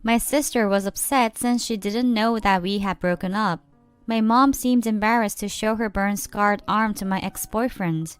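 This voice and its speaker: A young woman narrates a first-person story in a steady, plain manner. Her voice is smooth and clean, recorded dry and close. A faint music bed runs beneath. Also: mid-range voice, moderate pace, no room sound.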